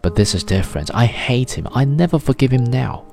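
A man voicing a bitter, vindictive betrayed wife who speaks quickly with little gasps and a trembling voice. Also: medium pitch, animated, vocal fry, a little mellow, faint music behind, pitched above the performer's own voice. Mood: furious.

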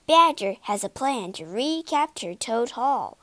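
Calm, caring male water rat from a storybook, read by a woman. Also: on the high side, a little slow, dry recording. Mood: concerned.

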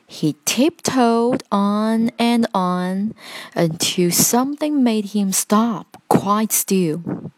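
A woman reading a children's picture book aloud as storyteller, with slow, deliberate delivery. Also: mid-range voice, no echo.

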